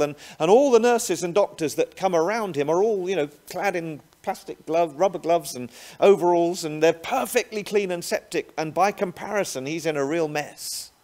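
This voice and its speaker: A man's voice: fairly high pitch, a little mellow. A man preaching a sermon, often ending points with rhetorical tag questions. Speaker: pastor.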